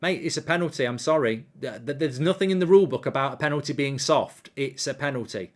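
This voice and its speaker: Speaking quickly in a mid-range voice, a man hosts a live football watchalong. He's animated, reading viewer comments aloud and launching into indignant rants about the refereeing.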